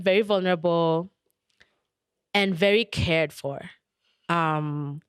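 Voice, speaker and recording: A woman's voice: mid-range voice, clean tone, no room sound, studio quality. A young adult woman hosting a podcast, telling personal stories candidly and thoughtfully, with many "like" and "um" fillers. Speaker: podcast host. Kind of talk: reflective personal storytelling.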